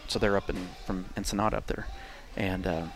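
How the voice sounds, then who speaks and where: A man's voice: low voice, little pitch movement, fairly quick, faint music behind. A man in his forties telling a long story in casual chat, rambling and profane, laughing at his own tale. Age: 40s.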